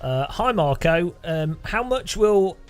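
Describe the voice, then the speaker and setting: A man's voice: high voice, sing-song, measured pace, faint music behind. Jokey man chatting on a game stream. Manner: jokey, rambling, laughs often. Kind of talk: casual livestream chat.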